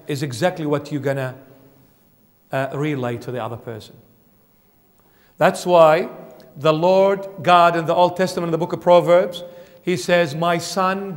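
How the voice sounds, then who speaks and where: Fervent high-voiced preacher in a church. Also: male voice, fairly bright tone, in a large hall. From Australia. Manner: emphatic, rising to fervent peaks then dropping low. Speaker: bishop preaching. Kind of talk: sermon.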